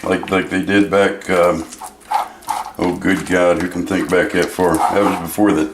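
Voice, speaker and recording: A man's voice: sits low, flat delivery, a little slow, noisy background. A man hosting a home cooking show, joking and rambling in a folksy way as he makes a dish. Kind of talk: casual home cooking demo. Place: home kitchen. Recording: echoey kitchen, clear clatter of dishes.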